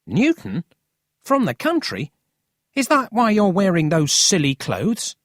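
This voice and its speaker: A narrator voicing a cheeky, excited city boy in a storybook reading. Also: mid-range voice, measured pace, no room sound, clean studio sound, pitched above the performer's own voice. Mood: teasing.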